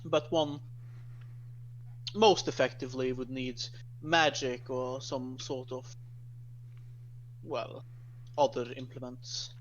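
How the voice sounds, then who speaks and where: A man voicing an earnest, scholarly male cleric in a tabletop game, speaking in formal, courtly phrases with halting restarts. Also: mid-range voice, little pitch movement, muffled recording, slight background noise, close to an everyday voice. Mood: thoughtful. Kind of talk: tabletop role-play in character.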